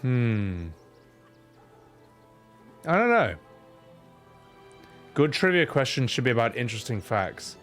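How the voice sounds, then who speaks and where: A man's voice: medium pitch, big pitch swings, slow, pauses often, a bit bright, faint music behind. A young man live-streaming a game, chatting casually with viewers in rambling, swearing rants.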